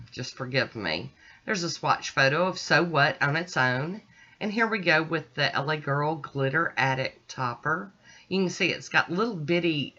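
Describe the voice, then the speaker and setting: A middle-aged woman hosting a nail art channel, calmly talking through each step of her manicure in a relaxed, chatty way. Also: rumbling low. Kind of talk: casual tutorial narration. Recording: dull lo-fi sound.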